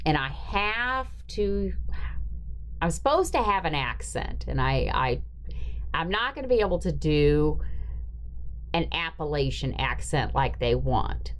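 A woman's voice: low-pitched, sing-song, unhurried, a little hiss or hum. A woman hosting a podcast in casual chat, rambling and chatty with trailing fillers. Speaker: podcast host.

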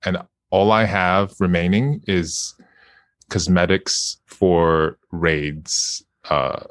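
A man, a video game actor, chatting as an interview guest, relaxed and laughing often, with hesitant fillers. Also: sits low, extremely slow, no room sound, studio quality. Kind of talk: casual interview chat.

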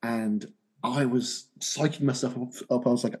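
Husky Birmingham man, joking chat. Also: mid-range voice, fairly even intonation, normal speed, darkish tone, rough recording. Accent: Birmingham English. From England. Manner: self-deprecating, jokey. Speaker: podcast host. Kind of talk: casual chat.

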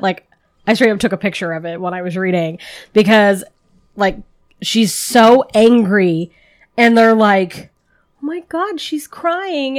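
A woman co-hosting a comics podcast, chatting casually with lots of "like" and small laughs. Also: mid-range voice. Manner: chatty, full of "like" and little laughs. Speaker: podcast co-host. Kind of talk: casual chat about comics.

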